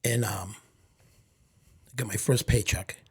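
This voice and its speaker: A middle-aged man from Lawrence, Massachusetts, telling stories from his childhood as a podcast guest and acting out quick bits of back-and-forth dialogue. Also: fairly low pitch, fairly even intonation, slightly rough. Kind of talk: storytelling in casual conversation.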